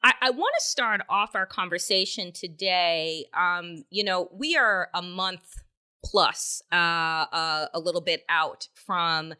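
A woman's voice: on the low side, slow pace, bright, forceful tone, clear, resonant tone. A woman hosting a political podcast, delivering angry, emphatic commentary with heavy swearing and rhetorical questions. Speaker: podcast host. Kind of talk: opinionated political commentary with profanity.

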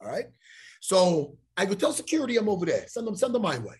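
A man's voice: high-pitched, big pitch swings, quick pace, slightly rough. A man telling a story on a podcast in a loose, profane way, acting out every exchange. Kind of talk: casual storytelling.

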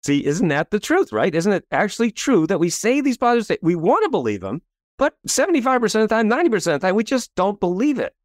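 Quick and high-pitched, a man who coaches and writes books tells a story in an interview. He acts out the quotes with energy and tosses in "right?" repeatedly, and the audio is dry and studio quality.

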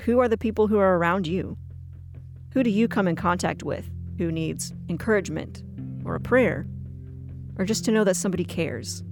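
Calm, inviting narrator for a devotional segment, mid-pitched. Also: moderate pace, over music. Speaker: program narrator. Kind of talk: scripted narration.

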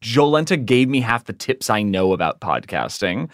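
An easygoing man chatting as a podcast guest, with an animated, expressive pitch. He is self-deprecating, and the sound is dry and close. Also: normal speed, dry recording. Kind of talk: casual chat.

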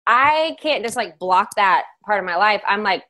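A woman's voice: mid-range voice, expressive, sharp tone. Friendly woman hosting a podcast. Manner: friendly, enthusiastic, quick to laugh. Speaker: podcast host. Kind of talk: casual podcast chat.

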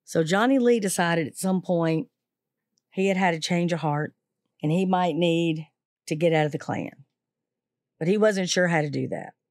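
A woman teacher retelling a true story to listeners, lively and acting out the quoted voices. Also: on the low side, moderate pace, long pauses, no room sound, studio quality.

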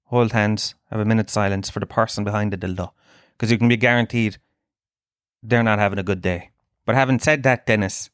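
A man's voice: medium pitch, clean tone, no room sound, studio quality. A young Irish man, a stand-up comedian, hosting his podcast in a crude, swearing, joking monologue.

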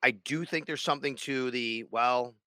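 A man's voice: medium pitch, normal speed, bright, forceful tone, clean tone, dry recording. A man who hosts sports radio, chatting casually on a podcast in a rambling way with many restarts.

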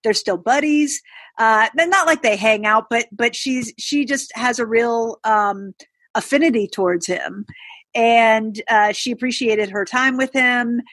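A woman co-hosting a casual chat, talking in a meandering way with frequent pauses. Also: fairly high pitch, fairly bright tone, no echo. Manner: meandering, many fillers and restarts. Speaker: podcast co-host.

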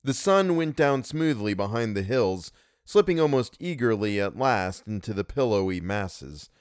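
Expressive male audiobook narrator. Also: on the low side, moderate pace, smooth, no room sound, studio quality. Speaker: audiobook reader. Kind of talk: scripted narration.

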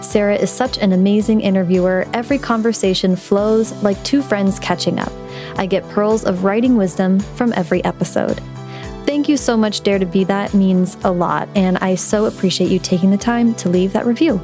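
A woman's voice: medium pitch, normal speed, dark tone, soft background music. A woman hosting a podcast about writing, reading the show's announcements and then interviewing her guest in a friendly, chatty way. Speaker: podcast host. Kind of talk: podcast intro read and interview.

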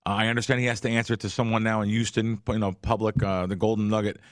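A man's voice: lowish voice, little pitch movement, quick pace, dry recording, clean studio sound. A man, a longtime sports bettor appearing as a guest, telling stories in a rambling, emphatic way with many fillers. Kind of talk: casual storytelling conversation.

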